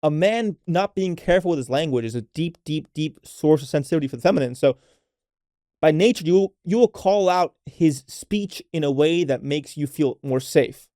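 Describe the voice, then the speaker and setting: A podcast host runs a casual solo show, speaking unfiltered, swearing freely, coaching women listeners and often ending points with "right?". His voice is warm and on the high side, at a moderate pace, recorded at studio quality without echo.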